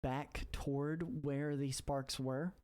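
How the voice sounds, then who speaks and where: Halting tabletop game master. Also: medium pitch, steady tone, a little mellow. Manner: halting, many repeated words and fillers.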